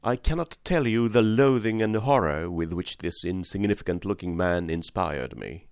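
A man reading a story aloud as an audiobook narrator, in a measured and dramatic way. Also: sits low, expressive, a little mellow, smooth, no echo, clean studio sound. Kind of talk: scripted narration.

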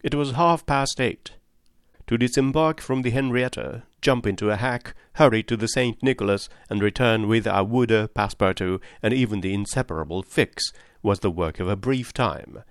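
Guy reading an old novel out loud, low-ish voice, steady pace, super dry recording. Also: normal speed, clear, resonant tone, no echo. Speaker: audiobook narrator. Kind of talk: scripted narration.

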